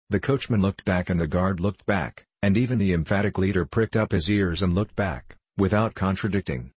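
A man narrating a classic novel as an audiobook reader, in a measured, even storytelling manner. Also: low voice, breathy edge, dry recording.

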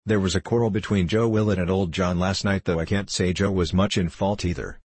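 A man's voice: deep voice, steady tone, a little fast, a little mellow, breathy edge, no room sound. Man reading as a hearty old locksmith. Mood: teasing. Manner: hearty, teasing storyteller. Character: jovial older male locksmith, good-natured father.

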